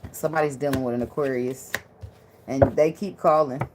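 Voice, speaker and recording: A woman's voice: extremely low pitch, fairly even intonation, fairly quick, very noisy. A woman giving a casual tarot reading in loose slang, blunt and profane, with a lot of laughter. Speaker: tarot reader.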